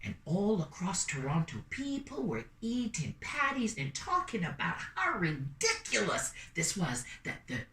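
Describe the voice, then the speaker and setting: A woman telling a story in an animated, playful way, calling out to her listeners. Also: lowish voice, unhurried, hardly any pauses, recorded from a distance. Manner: lively, playful, calls out to listeners. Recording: roomy sound from away from the mic.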